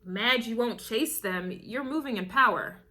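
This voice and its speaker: A woman's voice: a little high, measured pace, bright, forceful tone. A woman doing a casual spiritual tarot reading, emphatic and repetitive, chuckling now and then and calling the listener baby. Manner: emphatic, repeats phrases, chuckles often, calls listener baby. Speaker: tarot and astrology reader.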